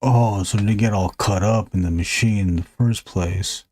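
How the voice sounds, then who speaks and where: A man's voice: lowish voice, fairly even intonation, moderate pace, darkish tone, dry recording. A man hosting a drawing live stream, chatting casually in a rambling, joking way and swearing freely. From United States. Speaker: artist and live stream host.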